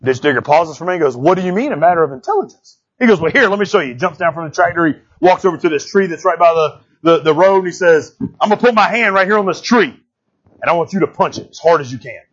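A male pastor with a drawl, preaching in a folksy, joking way and often calling out to his congregation. His voice sits a little high for a man. The recording sounds dull and muffled. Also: animated, fast talker, breathy edge. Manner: folksy, tells jokes, calls out to the congregation. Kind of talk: sermon. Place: church sanctuary.

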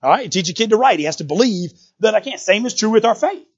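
A man's voice: sits high, expressive, fast talker, breathy edge, dull audio. A man preaching a sermon in a conversational way, full of rhetorical questions and repeated words.

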